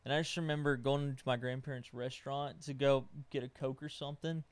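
A man's voice: medium pitch, fairly even intonation, fairly quick, no room sound. A man on a casual podcast, telling a self-mocking story.

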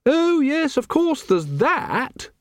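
A man voicing a brisk, cheerful aristocratic lady. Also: extremely high pitch, big pitch swings, dry recording, studio quality, voice pushed up, heavily acted. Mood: breezy.

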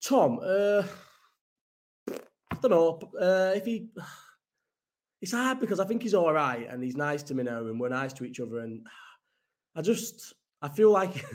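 A man's voice: a little high, animated, a little slow, pauses often, a little mellow. A young man hosting a casual live-chat stream, rambling, swearing and answering viewers' comments as he goes. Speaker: livestream host.

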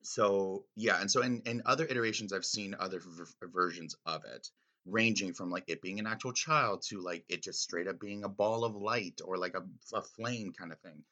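Casual commentator: man with a bright, lowish voice, loose and filler-heavy, eager. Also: moderate pace. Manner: rambling, filler-heavy, enthusiastic. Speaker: reader discussing a classic story.

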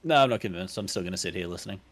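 A man with a very low voice talks fast at the game table. He drops quick, dry remarks about his character between other players. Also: animated, no echo. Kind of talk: casual tabletop game chat.

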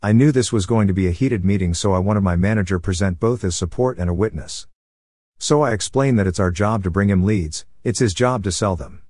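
A man's voice: on the low side, a little mellow, dry recording, studio quality. A man narrating a forum revenge story in a wry, blunt, profane manner.

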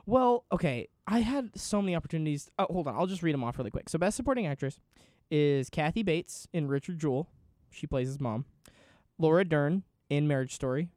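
A man's voice: fairly high pitch, lively intonation, a little fast, a little mellow, no room sound, clean studio sound. A man co-hosting a podcast, chatting casually and reading off a list of nominees. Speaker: podcast co-host. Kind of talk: casual chat.

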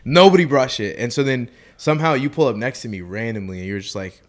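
Young man, animated storytelling. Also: mid-range voice, quick pace. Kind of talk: casual chat.

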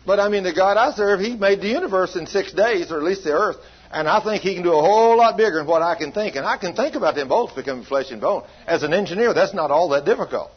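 A man's voice: high-pitched, animated, fast talker, slightly rough. A man preaching in a church, telling a healing story in a folksy, emphatic way. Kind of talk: sermon storytelling. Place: church hall. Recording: dull lo-fi recording.

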